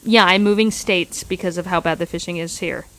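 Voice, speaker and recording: A woman's voice: on the low side, fairly even intonation, fairly quick, a bit bright, no echo. A woman hosting a casual livestream outdoors on a windy day, answering viewer chat in a loose, rambling and profane way, with many restarts, speaking close into a phone mic.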